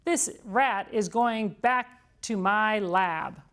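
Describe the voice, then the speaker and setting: A woman's voice: mid-range voice, extremely slow, fairly bright tone. A woman voicing a pompous, grumpy male scientist in a storybook. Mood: huffy.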